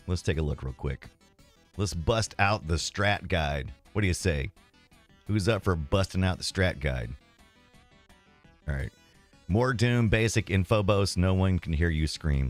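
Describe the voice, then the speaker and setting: A deep-voiced man chats loosely with his live-stream viewers, rambling and poking fun at himself as he plays. Faint music runs quietly underneath. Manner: rambling, self-deprecating, talks to chat while playing. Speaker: streamer playing retro games.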